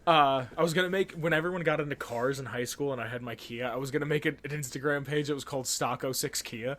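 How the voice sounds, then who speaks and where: A man's voice: medium pitch, fast talker, fairly bright tone. A young man hosting a podcast, telling a story in a casual, rambling way, packed with "like" and swearing. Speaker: podcast host. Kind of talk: casual chat.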